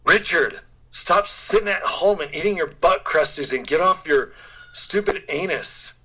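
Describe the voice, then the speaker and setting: Give me a man voicing a frustrated teenage boy, petulant and twangy, drawled out slowly. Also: on the high side, expressive, bright, forceful tone, breathy edge, pitched above the performer's own voice, exaggerated voice, rough recording. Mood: insulting.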